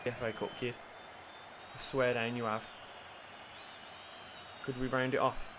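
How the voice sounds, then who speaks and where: A young man commentating his own football video game, excitable, muttering and then shouting, swearing and joking. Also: mid-range voice, a little slow, long pauses, slight background noise. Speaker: gaming YouTuber. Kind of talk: live gameplay commentary.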